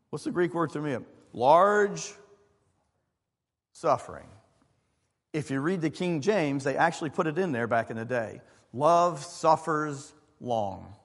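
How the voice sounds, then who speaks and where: Man preaching in a reverberant hall. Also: a little high. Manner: conversational preaching with fillers and asides to the congregation. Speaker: pastor. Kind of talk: sermon. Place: church sanctuary.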